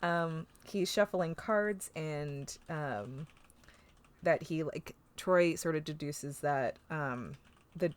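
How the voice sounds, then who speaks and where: A woman's voice: sits low, slow. A woman co-hosting a podcast, chatting casually and recapping an episode, with lots of fillers, swearing and laughter. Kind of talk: casual chat.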